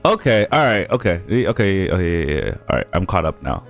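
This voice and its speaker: Man, very deep voice, casual chat, hesitant repeated reactions, faint music behind. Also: very animated, fast talker, vocal fry. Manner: hesitant, repeats "okay" often, lots of short reactions.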